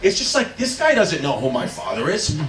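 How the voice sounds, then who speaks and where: A man doing stand-up, telling a story loudly with frequent laughter and a drunken slur. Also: a little high, huge pitch swings, brisk, soft background music. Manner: loud, laughing, drunken delivery. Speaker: stand-up comedian. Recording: comedy club recording with ambience.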